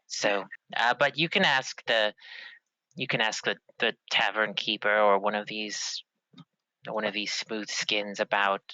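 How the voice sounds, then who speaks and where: A man's voice: fairly low pitch, fairly even intonation, bright, forceful tone, dry recording, dull audio. A man playing a formal clawed warrior woman. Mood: courteous. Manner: formal, courteous, measured.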